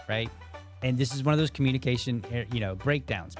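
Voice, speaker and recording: Over soft background music, a man hosts a podcast in a fast, mid-range voice. Chatting loosely about a viral video, he thinks aloud and keeps breaking off to speak to viewers.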